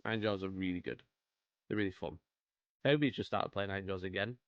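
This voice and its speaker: A man's voice: low voice, a little fast, dry recording, muffled recording. A British man hosting a live stream while painting miniatures, chatting casually and greeting viewers by name. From United Kingdom. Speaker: livestream host painting miniatures.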